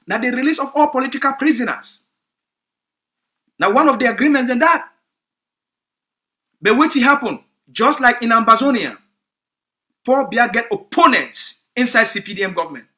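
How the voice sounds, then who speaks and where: A man's voice: very high-pitched, bright, forceful tone. A man with a Cameroonian Pidgin English accent, giving an emphatic, repetitive political address to supporters as a movement spokesman.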